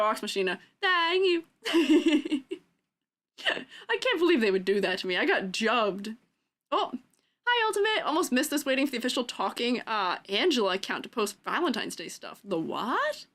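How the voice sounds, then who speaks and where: A woman's voice: a little high, big pitch swings, normal speed, a bit bright. A young adult woman streaming, chatting casually and giggling with her viewers. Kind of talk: casual chat.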